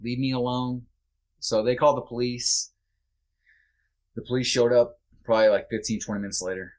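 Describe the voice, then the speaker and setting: A man with a medium-pitched, slightly mellow voice speaks fairly quickly with fairly even intonation. He's a podcast guest candidly sharing a personal story, loose and conversational, full of fillers, blunt and occasionally swearing.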